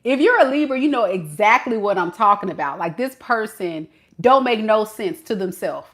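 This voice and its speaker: A woman's voice: mid-range voice, expressive, moderate pace, a bit bright. A woman giving a casual tarot reading to camera, talking in a sassy, slangy way and laughing often. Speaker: tarot reader.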